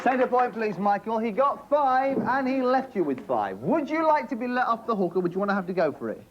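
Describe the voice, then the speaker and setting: In a brisk, extremely high-pitched voice, a man hosts a TV game show before a studio audience, teasing contestants and cracking jokes in an animated way. It sounds like a lo-fi early-90s broadcast, with audience noise.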